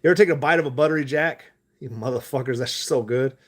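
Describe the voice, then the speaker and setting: A man's voice: mid-range voice, fast. Man, live stream vlogger, rambling, profane, laughs often, casual stock talk. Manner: loose, profane, laughing asides.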